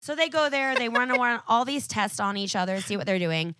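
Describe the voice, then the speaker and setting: A woman chatting as a podcast guest, telling a story in a profane, animated way and acting out each character. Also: a little high, brisk, noisy background. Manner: animated, profane retelling that acts out every character. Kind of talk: casual podcast chat.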